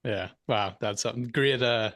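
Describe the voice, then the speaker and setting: A man's voice: medium pitch, moderate pace, fairly bright tone, no echo, studio quality. A man hosting a podcast, reacting briefly and steering toward the next topic in a casual interview. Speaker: podcast host.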